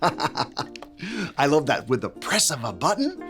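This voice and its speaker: A woman's voice: sits low, wildly swooping pitch, takes it slowly, over music, heavily acted. A woman playing a cheerful male handyman who tells a Bible story to children, calling them to join in with actions. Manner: playful, calls kids to join in. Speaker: children's church presenter.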